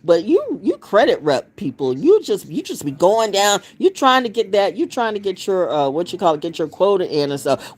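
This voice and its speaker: Blunt, animated middle-aged woman ranting. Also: mid-range voice, normal speed, hardly any pauses. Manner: blunt, profane, animated storytelling. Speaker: vlogger. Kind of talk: casual rant to camera.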